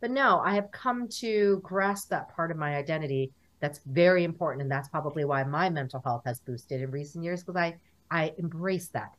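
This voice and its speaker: A woman speaks as a guest in a relaxed interview. Her voice sits fairly low. She tells stories with energy and acts out the lines of the people in them. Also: moderate pace. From United States. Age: 40s. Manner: animated storyteller, acts out dialogue. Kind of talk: casual interview.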